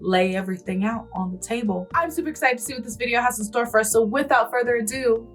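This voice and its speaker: A woman's voice: on the high side, quick pace. Blunt, profane woman host. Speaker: YouTube host. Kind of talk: casual reaction commentary.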